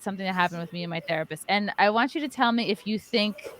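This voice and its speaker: A woman hosting a casual group chat over a video call, telling stories in an animated, jokey way. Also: mid-range voice, fast talker. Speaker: podcast host.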